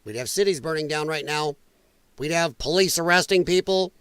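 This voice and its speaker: High-pitched man, commentary host, angry emphatic rant, dry close sound. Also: moderate pace, a bit bright, smooth, dry recording. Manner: emphatic, repetitive, angry ranting.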